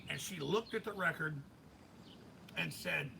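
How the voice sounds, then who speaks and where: A man's voice: on the high side, measured pace, gravelly, pushed and bright, a little hiss or hum, rough recording. A middle-aged man as a radio host, giving heated political commentary in an intense, emphatic ranting manner.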